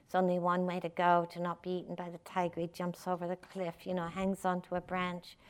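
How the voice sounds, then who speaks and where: A woman's voice: lowish voice, monotone, a little fast, smooth. An older woman giving a dharma talk as a meditation teacher, conversational and playful with frequent fillers.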